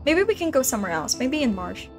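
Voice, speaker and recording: Giggling and rambling while she plays, a woman talks casually to her stream's chat. Her high, sing-song voice moves at a quick pace over faint background music.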